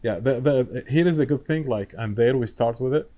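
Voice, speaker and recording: A man with a dark, mid-range voice and a moderate pace chats on a podcast as a guest. He owns a wiring business and speaks broken English, not his native tongue, in a talkative, casual way sprinkled with "you know."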